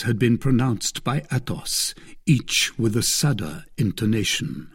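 Slow, husky-voiced male storyteller. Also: medium pitch, animated. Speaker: narrator. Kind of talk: audiobook narration.

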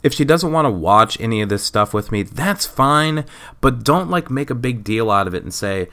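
A man's voice: mid-range voice, expressive, moderate pace, bright, forceful tone. A man hosting his own podcast, ranting sarcastically and profanely in a rambling casual monologue. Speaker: podcast host. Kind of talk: casual solo rant.

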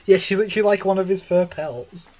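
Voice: mid-range voice, quick pace, dark tone, lo-fi sound. A podcast co-host chatting about an old film on a remote call, giggling often and reading quotes aloud. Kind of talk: casual film review chat.

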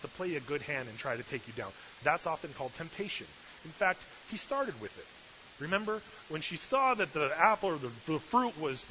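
Pastor, male, bright and somewhat high, storytelling sermon, slightly dull recording with faint hiss. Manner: storytelling, animated, asks the listeners questions.

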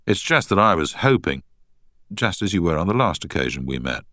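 A man's voice: sits low, sing-song, brisk, pushed and bright, dry recording, clean studio sound, full character voice. A man voicing a pushy, eager young man who will not take no for an answer.

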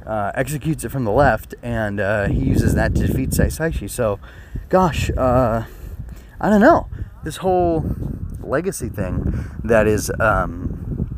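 A man's voice: mid-range voice, a little hiss or hum. A young man with a sore throat giving a casual spoken review of an anime episode, rambling earnestly with many fillers and restarts. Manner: earnest and emotional.

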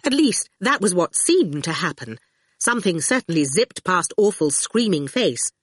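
A woman narrating an audiobook in an expressive storytelling manner, close to the mic. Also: lowish voice, normal speed, husky, no echo.

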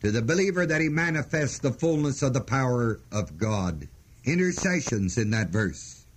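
A man teaching a sermon, slow and emphatic, repeating key phrases as he explains the words of a verse. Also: mid-range voice, sing-song, slight background noise. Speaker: preacher.

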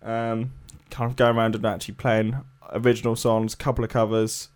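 A man's voice: fairly low pitch, flat delivery, fairly quick. Guy chatting on a podcast, rambly, says you know a lot. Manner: rambling, many fillers and hedges. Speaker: podcast co-host. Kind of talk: casual chat.

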